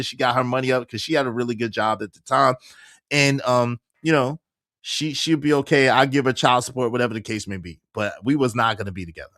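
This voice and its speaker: A man's voice: medium pitch, dry recording, clean studio sound. Man casually telling a personal story. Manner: animated, acts out quoted dialogue, frequent restarts.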